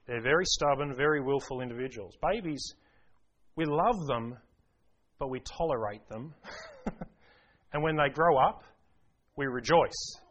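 A man's voice: mid-range voice, unhurried, long pauses, fairly bright tone, highs cut off. A man preaching a sermon to a congregation, emphatic, repeating key phrases and asking rhetorical questions. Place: church service.

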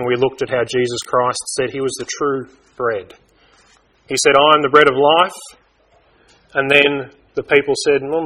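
A man preaching a sermon in a measured, emphatic way, slowing down to stress key words. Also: mid-range voice, a bit bright, distant mic, rough recording.

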